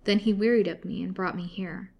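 A woman voicing a starved, chained female prisoner who wails frantically or speaks low and bitter, in a storybook reading. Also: steady tone, brisk, creaky, darkish tone. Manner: frenzied wailing, then low and bitter.

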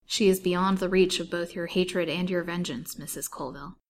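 A courteous gentleman detective speaks in formal, measured sentences, as a woman puts him on. The tone sits slightly low, over a faint background hiss. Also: fairly even intonation, close to an everyday voice.

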